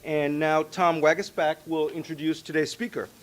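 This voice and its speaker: A man making steady, businesslike announcements at a club meeting. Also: a little high, normal speed.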